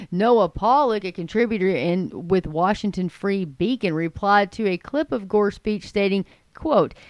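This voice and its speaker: A woman's voice: medium pitch, a little mellow, dry recording. Woman host, sarcastic news commentary, dry close sound. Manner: scornful, mocking, addresses viewers as folks. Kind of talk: opinionated commentary reading news.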